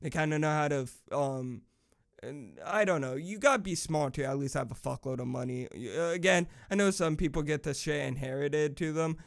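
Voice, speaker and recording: A man's voice: a little high, moderate pace, creaky. A young man vlogger ranting casually, profane and rambling with lots of fillers. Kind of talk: casual rant.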